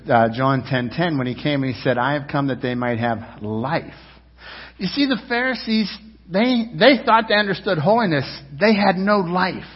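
Male preacher, fairly high husky voice, emphatic sermon, dull recording in a reverberant hall. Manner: emphatic preaching with repeated words and calls to the congregation. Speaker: pastor.

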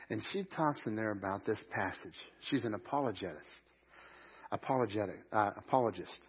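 A man preaching a sermon at a live church service, animated, swinging from loud shouts of joy to quiet asides. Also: mid-range voice, slightly rough, dull audio. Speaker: pastor.

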